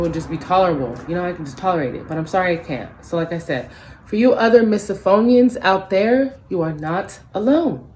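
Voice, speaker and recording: A woman's voice: mid-range voice, darkish tone, a little hiss or hum. A woman vlogger ranting casually and emphatically, swearing freely and rambling with many fillers. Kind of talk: ranting vlog.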